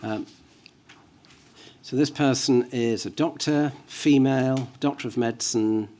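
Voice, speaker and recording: A man questioning a witness at a formal hearing, measured and careful, reading out references with hesitant fillers. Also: medium pitch, a little mellow, slight background noise. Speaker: inquiry counsel. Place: inquiry hearing room.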